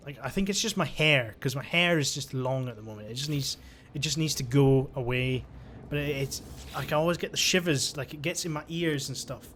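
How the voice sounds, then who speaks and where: A man's voice: medium pitch, a little fast, fairly bright tone, a little hiss or hum. A man giving chatty, joking commentary while he plays a video game. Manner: chatty, joking, thinks aloud. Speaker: let's-play gamer. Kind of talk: casual gameplay commentary.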